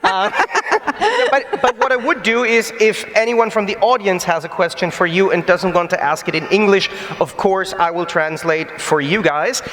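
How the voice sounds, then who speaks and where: A man's voice: high-pitched, expressive, normal speed, fairly bright tone. A man moderating a convention panel and offering translation, upbeat and playful. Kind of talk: casual moderating. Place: convention hall. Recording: reverberant convention hall.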